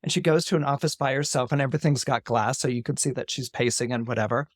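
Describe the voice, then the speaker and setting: Animated male storyteller, dry sound. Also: medium pitch, quick pace, no room sound. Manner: animated, repeats words, acts out dialogue. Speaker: astrologer guest.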